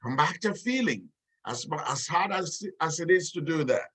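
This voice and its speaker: A man giving a lecture on communication in marriage, measured and slowing down to stress key points. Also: fairly high pitch, lively intonation, fairly bright tone, husky. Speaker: relationship communication teacher. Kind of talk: lecture talk.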